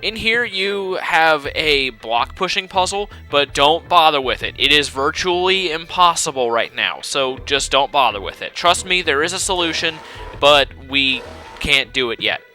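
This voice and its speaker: Man, chatty let's play narrator, bright sharp voice, slightly out of breath, faint game music. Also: a little high, lively intonation, a little slow. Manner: chatty, rambling, with fillers and asides. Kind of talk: casual game commentary.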